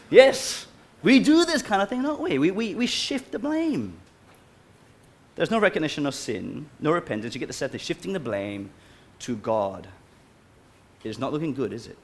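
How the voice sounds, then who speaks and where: A man preaching a sermon to a congregation, asking them many questions. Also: on the high side. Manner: animated, asks the congregation questions. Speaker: pastor.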